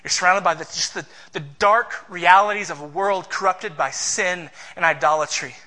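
A man's voice: high voice, normal speed, bright, forceful tone. A man preaching a sermon as pastor, in an emphatic, passionate way.

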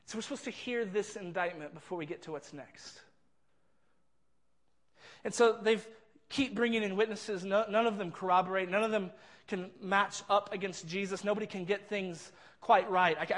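A man's voice: high-pitched, fairly bright tone. A man preaching a sermon, retelling a scene with earnest, vivid storytelling and frequent repeats. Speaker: pastor.

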